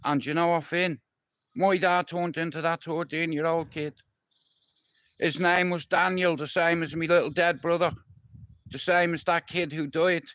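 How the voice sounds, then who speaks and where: A man's voice: on the high side, fairly even intonation, moderate pace, fairly bright tone, smooth, no echo. A man telling a personal story on a casual live stream, blunt and heavily profane, talking straight to a listener. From Dublin, Ireland.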